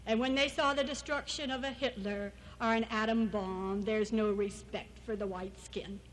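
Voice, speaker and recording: High-voiced woman telling church stories. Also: fairly even intonation, normal speed, rough recording. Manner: storytelling, acting out quoted people. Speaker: missionary speaker at a church gathering. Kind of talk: anecdotal church talk.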